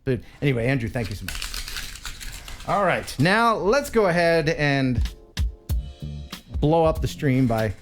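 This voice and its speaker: An American man hosting a casual live-stream chat, chatty and quick to laugh. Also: on the high side, big pitch swings, soft background music. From USA. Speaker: host.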